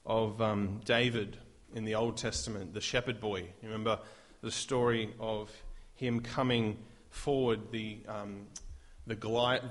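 A man preaching a sermon, emphatic and full of rhetorical questions, rising to loud declarations. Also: fairly low pitch.

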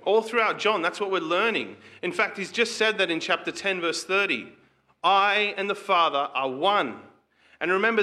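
A man's voice: high voice, pushed and bright. A pastor preaching a conversational sermon to his congregation, asking rhetorical questions and reading scripture aloud.

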